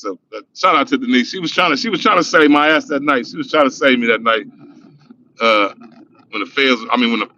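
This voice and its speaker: His voice fairly low, pushed and bright, a middle-aged man from Los Angeles rambles through a profane street story during a livestream. It's casual storytelling, captured in dull, lo-fi sound with faint noise underneath.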